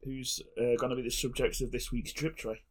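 A man co-hosting a comedy podcast, dry and grumpy with a deadpan delivery. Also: medium pitch, brisk. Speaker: podcast co-host. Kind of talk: improvised comedy podcast chat.

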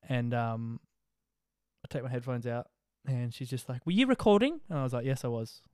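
A young Australian man casually telling an animated, slang-filled story about a flight, with jokey rhymes. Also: medium pitch, moderate pace, smooth, dry recording, clean studio sound. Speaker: social media vlogger.

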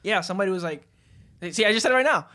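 Young man, Miami accent, high-pitched, easygoing, chatty podcast talk. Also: lively intonation, very fast, pushed and bright. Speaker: podcast co-host and editor. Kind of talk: casual chat.

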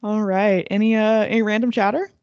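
A woman's voice: medium pitch, steady tone, a little fast, darkish tone, dry recording, lo-fi sound. A woman co-hosting a podcast in casual chat, giggling often and filling her speech with "like". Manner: giggly, lots of "like" fillers. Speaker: podcast co-host.

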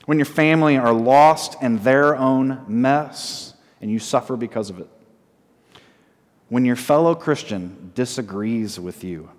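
Pastor preaching in a reverberant hall. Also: male voice, mid-range voice. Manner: asks the congregation frequent call-and-response questions; repeats short phrases slowly for emphasis. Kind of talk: sermon.

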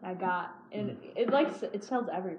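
A woman's voice: mid-range voice, animated, brisk. A young woman from New York co-hosting a vlog, telling stories in a casual, bubbly, giggly way. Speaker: vlog co-host. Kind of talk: casual chat. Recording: echoey room with crowd chatter.

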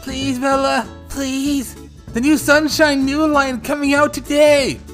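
A bubbly young vampire woman who never stops nagging, put on by a man. She pleads in a thin, piercing squeak far above ordinary speech. It's a high, demanding sound from a fan story read aloud. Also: level tone, slow, a bit bright, soft background music, heavily acted. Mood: pleading. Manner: begging, high and shrill.

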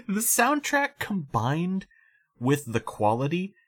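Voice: mid-range voice, huge pitch swings, takes it slowly, a bit bright. A podcast co-host chatting casually about a film and cracking wry, playful jokes. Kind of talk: casual movie recap chat.

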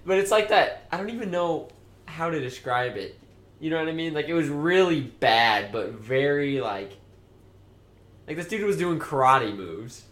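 A young man co-hosting a podcast, telling stories in an animated way with swearing and laughter. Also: a little high, moderate pace, reverberant. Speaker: podcast co-host. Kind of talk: casual chat.

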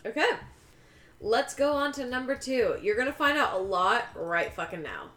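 Woman podcast host, slightly high voice, swears and laughs, echoey recording. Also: expressive, normal speed, fairly bright tone. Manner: laughs often, swears casually, retells plot in quotes. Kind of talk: casual podcast chat recapping a film.

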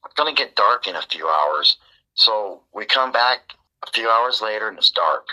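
A man, a podcast guest, telling a story in a casual, animated way and acting out the dialogue. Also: lowish voice, normal speed, rough recording. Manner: animated, acts out quoted dialogue.

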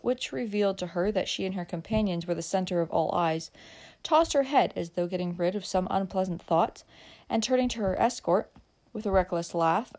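A woman narrating a classic novel as an audiobook reader, with expressive storytelling. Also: mid-range voice.

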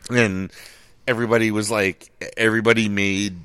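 A man's voice: lowish voice, flat delivery, normal speed, fairly bright tone, smooth, dry recording, clean studio sound. A man co-hosting a podcast, rambling through sports talk and swearing freely. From Boston area. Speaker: podcast co-host. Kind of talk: casual chat.

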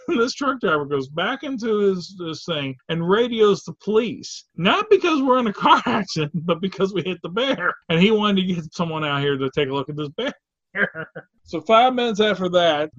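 A man spins a story in casual chat, his voice sitting a little high. He acts out the quotes with lively exclamations. The recording is dry and somewhat dull, with a lo-fi edge. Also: no room sound.

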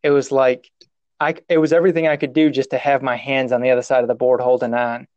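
A man's voice: mid-range voice, little pitch movement, fast, a little mellow, no echo, muffled recording. A man telling a personal story in casual conversation, rambling and self-mocking, restarting his sentences and laughing at himself.

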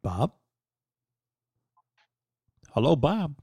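A man's voice: fairly high pitch, extremely slow, breathy edge, no echo. A man hosting a casual podcast, bantering and joking with his co-hosts and laughing often. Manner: jokey, animated banter with frequent laughs. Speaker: podcast host. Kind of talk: casual chat.

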